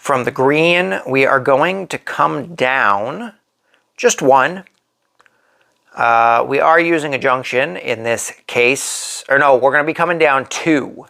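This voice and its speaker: His mid-range voice sounds pushed and bright, with audible vocal fry. He hosts a board game channel and, in a slow, think-aloud manner, narrates a solo playthrough while he places pieces.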